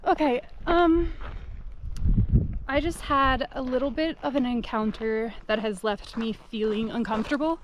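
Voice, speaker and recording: A woman's voice: a little high, a little slow, noisy background. Young woman vlogging on a mountain trail. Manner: chatty and candid, with fillers and self-corrections. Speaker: solo backpacking vlogger. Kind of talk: casual vlog narration to camera.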